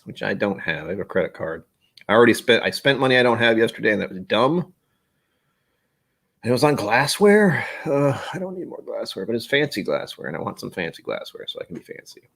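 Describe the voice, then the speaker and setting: A man's voice: fairly low pitch, creaky, slightly rough. A man hosting a casual whiskey live stream, rambling and self-deprecating as he gets sidetracked.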